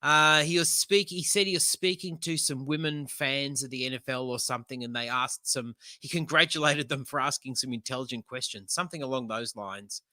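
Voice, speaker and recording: An Australian man hosting a casual sports chat, relaxed and hesitant as he tells a story. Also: medium pitch, fairly quick, few pauses, dry recording, clean studio sound. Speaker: podcast host.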